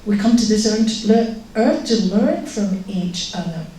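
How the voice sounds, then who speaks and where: A woman's voice: medium pitch, animated, moderate pace, dark tone. Earnest woman teaching in an echoey room. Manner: earnest, direct, asks the audience questions. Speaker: spiritual teacher. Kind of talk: informal spiritual talk. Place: yoga centre room with an audience. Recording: roomy, distant mic with faint noise.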